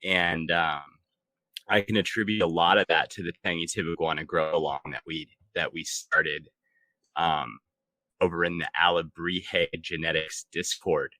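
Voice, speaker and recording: A man co-hosting a casual podcast chat, talking in a relaxed, laid-back way with many fillers. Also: low voice, moderate pace, no room sound, rough recording. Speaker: podcast co-host.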